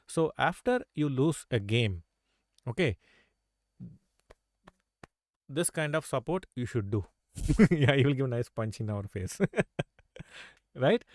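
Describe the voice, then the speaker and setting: A man's voice: medium pitch, no echo, clean studio sound. A man teaching a live chess lesson, coaxing his students with rhetorical questions and constant "right?" and "okay?" checks. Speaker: chess coach.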